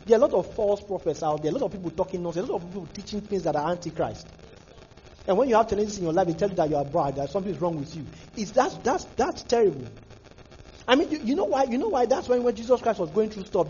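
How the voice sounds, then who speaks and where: A man preaching with fervour, his voice very high and husky. His pitch leaps and swoops as he repeats and restarts phrases, and the recording sounds dull and lo-fi. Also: a little mellow, a little hiss or hum. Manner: fervent, repetitive preaching with restarts. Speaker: pastor. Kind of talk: sermon.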